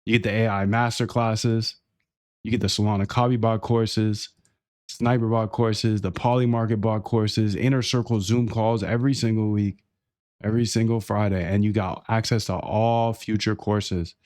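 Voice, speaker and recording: A man with a fairly low voice talks straight into a close mic with no room sound. He runs a live-stream sales pitch with nonstop hype and calls the viewer dude and bro. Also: steady tone, moderate pace, a little mellow, no echo. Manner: pushy and hyped, keeps saying dude and bro. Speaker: trading channel host.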